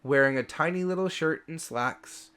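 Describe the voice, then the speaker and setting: A man's voice: fairly high pitch, normal speed, bright, forceful tone, clear, resonant tone. A man running a tabletop game as game master, explaining rules and describing scenes playfully.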